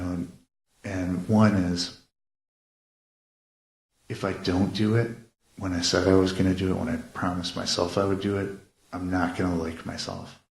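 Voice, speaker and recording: A man talking casually on a live stream about astrology and his family, rambling with many fillers and restarts. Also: sits low. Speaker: astrologer and musician. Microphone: phone or webcam live stream. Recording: echoey room.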